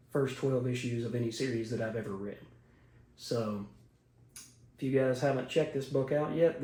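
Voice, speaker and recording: A man hosts his own comics video channel and walks through an issue in a casual, chatty way, dropping in plenty of fillers. His voice is warm and mellow. The sound is roomy, with noticeable echo. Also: medium pitch. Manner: conversational, frequent "you know" fillers. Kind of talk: casual comic book recap. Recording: echoey room.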